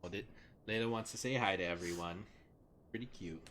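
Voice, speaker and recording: A man's voice: sits low, a little fast, a bit bright, a little hiss or hum. A young man chatting casually on a live game stream at his desk at home, rambling with lots of fillers and talking sweetly to his dogs.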